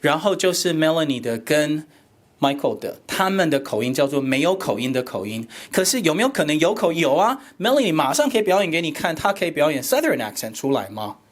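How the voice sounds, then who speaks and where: A man's voice: a little high, big pitch swings, fast talker. A man presenting a teacher workshop, explaining animatedly and switching between Mandarin and English. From Taiwan. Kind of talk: bilingual lecture and discussion.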